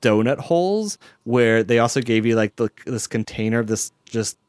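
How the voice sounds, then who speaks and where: A man hosts a podcast in loose, casual chat, his voice sitting at an ordinary middle pitch. He laughs often and stacks up fillers and restarts as he goes. The sound is dry and close. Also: animated, normal speed, a little mellow, clean tone, dry recording. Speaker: podcast host.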